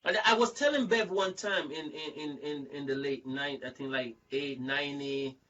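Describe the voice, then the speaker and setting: A man hosting a casual group talk, telling stories in an animated, rambling way, repeating words and acting out other people's lines. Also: fairly high pitch, moderate pace, distant mic, muffled recording. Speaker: show host. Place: online video chat.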